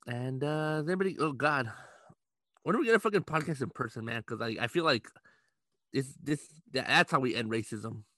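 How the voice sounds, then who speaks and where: A man's voice: mid-range voice, animated, a little fast, sharp tone, dry recording. A young man hosts a casual podcast, loose and laughing, with plenty of swearing. His voice sits in a middle range. It is recorded close and dry, with no room sound. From Los Angeles, USA. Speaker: podcast host. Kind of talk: casual chat.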